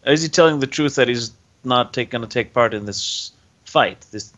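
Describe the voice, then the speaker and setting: A man's voice: medium pitch, normal speed, a bit bright. A man playing a tabletop game, talking hesitantly and often trailing off. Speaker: player. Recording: dull lo-fi sound.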